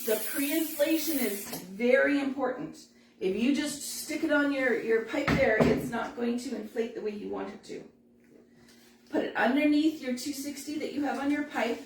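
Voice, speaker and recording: A woman giving a live balloon-making tutorial, chatty and quick to laugh as she works. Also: high-pitched, roomy sound, distant mic, very noisy. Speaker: balloon instructor.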